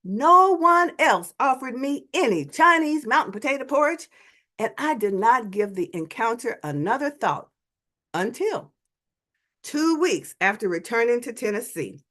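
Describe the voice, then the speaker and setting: A woman giving a storytelling talk as an invited speaker, animated and dramatic in her delivery. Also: a little high, normal speed.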